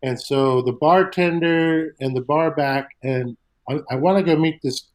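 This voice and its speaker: A man's voice: on the high side, measured pace, poor audio. Rambling, foul-mouthed storyteller man. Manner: rambling storyteller, swears freely, acts out quotes. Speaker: guest comedian. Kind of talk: casual chat.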